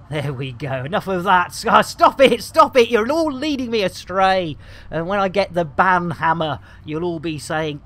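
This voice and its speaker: A man's voice: sits high, sing-song, normal speed, sharp tone. A man giving rambling, jokey live commentary while streaming a video game. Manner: jokey, rambling, cheeky innuendo, frequent laughter.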